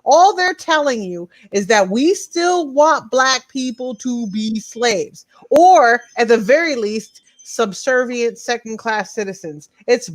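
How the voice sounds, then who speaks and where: A woman's voice: on the high side, expressive, slow, few pauses. A woman co-hosting a podcast, arguing in a heated casual debate with impassioned, profane ranting. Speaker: podcast co-host.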